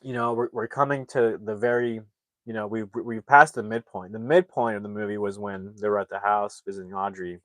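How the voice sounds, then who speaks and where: A young man reviewing a movie rambles through its plot in a lowish voice, speaking briskly with no room sound. He acts out the characters' lines with animation as he retells the story.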